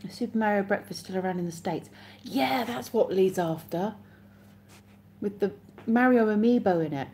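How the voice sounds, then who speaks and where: A woman's voice: mid-range voice, mellow, a little hiss or hum. An English woman hosting a casual live stream, chatting and reading viewer comments aloud with frequent laughs. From England.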